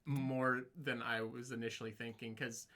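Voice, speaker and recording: A man's voice: mid-range voice, flat delivery, moderate pace, sharp tone. A man co-hosting a casual film discussion, chatty and thinking aloud about his reactions. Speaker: podcast co-host.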